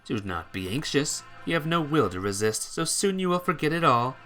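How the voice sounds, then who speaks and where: A man voicing a cold, scheming doctor who speaks slowly, calmly and condescendingly. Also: fairly high pitch, soft background music. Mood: smug. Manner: slow, calm and condescending. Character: cold scheming male doctor, calm and smug.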